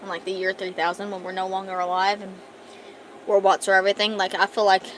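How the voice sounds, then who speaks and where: A young woman streaming from home, chatting casually and thinking out loud while she draws, talking fast and rambling from thought to thought. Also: mid-range voice, flat delivery, a little hiss or hum, poor audio. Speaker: art streamer. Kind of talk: casual livestream chat.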